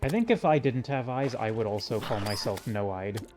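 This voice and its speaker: A man streaming a game live, rambling and joking as he reacts to whatever he runs into. His voice sits at an average pitch, and game music plays clearly underneath him. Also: animated, normal speed, darkish tone. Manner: rambling, jokey, talking to himself and chat.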